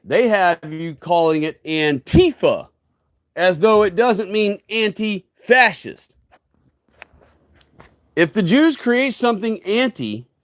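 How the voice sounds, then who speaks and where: A high-pitched livestream host delivers a solo monologue, lecturing in an emphatic, ranting way and repeatedly checking in with listeners by tagging on "okay?" and "right?". His mic sounds dry and close, with no echo.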